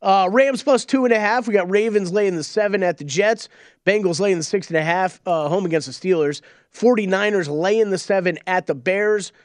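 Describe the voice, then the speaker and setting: High-voiced man co-hosting a betting show. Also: moderate pace, no echo. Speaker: podcast co-host. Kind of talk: casual sports betting talk.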